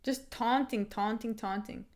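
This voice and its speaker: A woman with a slightly high voice hosts a live fight watch-along stream. She talks in an excitable, chatty way, swears casually and breaks into laughs. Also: unhurried. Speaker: livestream host.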